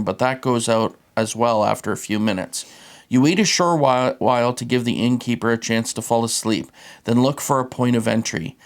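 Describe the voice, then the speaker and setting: Gravelly-voiced man reading game text. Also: medium pitch. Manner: steady, explains rules patiently. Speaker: game host reading the scenario.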